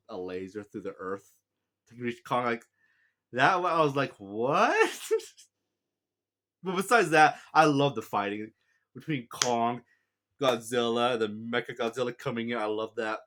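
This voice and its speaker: A man talking through a movie review in a loose, chatty way. He rambles, laughs often and keeps correcting himself mid-sentence. His voice sits at an ordinary middle pitch. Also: normal speed, fairly bright tone. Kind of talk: casual spoken movie review.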